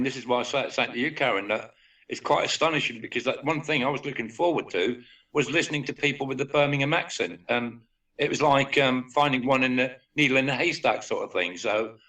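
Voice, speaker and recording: A man chatting as a guest in a measured, reflective way with many fillers. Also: mid-range voice, bright, forceful tone. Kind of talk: casual chat. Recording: voice distant from the mic.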